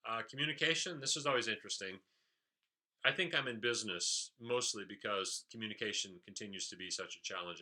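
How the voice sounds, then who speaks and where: A man's voice: on the low side, bright, forceful tone. A man leadership trainer giving an explanatory recap of a training session, with frequent "uh" fillers.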